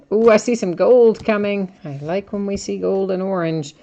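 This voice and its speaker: Opening packs on a live card break stream, a woman chats casually, laughs at herself, and announces each card's name. Her mid-range voice has a warm tone, though the audio sounds dull.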